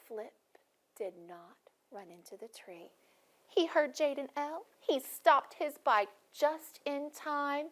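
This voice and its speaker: A woman's voice: sits high, fairly bright tone. A woman teaching a phonics lesson, encouraging students and asking them questions by name.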